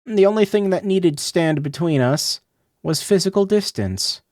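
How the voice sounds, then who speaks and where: A man voicing a gentle young woman who has long waited for her lover, reading in a softened, raised voice. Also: high-pitched, animated, moderate pace, no room sound, voice pushed up.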